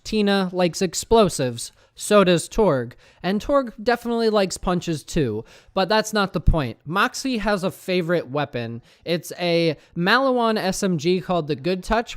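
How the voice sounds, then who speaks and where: A man's voice: high-pitched, clear, resonant tone. A man narrating video game lore in a casual tone, dropping wry asides.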